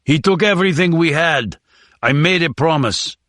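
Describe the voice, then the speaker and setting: A man's voice: a little high, animated, moderate pace, a bit bright, no room sound, studio quality, pitched above the performer's own voice. A man doing a strained, vengeful giant. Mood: grim resolve. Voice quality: strained and intense. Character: huge grieving vengeful man from a mountain village. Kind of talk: audiobook character voice.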